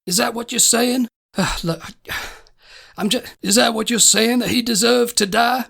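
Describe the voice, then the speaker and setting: Man doing a Southern gentleman lawyer, put-on Southern drawl, gravelly, florid, overly polite, comedy audio. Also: very high voice, fairly even intonation, moderate pace, voice pushed up, exaggerated voice. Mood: prosecuting. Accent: put-on American Southern. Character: pompous Southern gentleman lawyer, flirtatious, courtly. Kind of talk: improvised comedy role-play.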